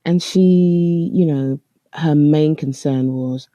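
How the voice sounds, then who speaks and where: A man hosting a travel podcast, recounting a personal story in a reflective, halting way with restarts. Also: a little high, warm tone, no echo, dull audio. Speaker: podcast host. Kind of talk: storytelling monologue.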